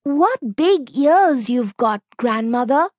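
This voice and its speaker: A woman reading a storybook aloud and voicing Little Red Riding Hood, a young girl who sounds high, bright and eager. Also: animated, slow, dry recording, studio quality. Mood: wondering.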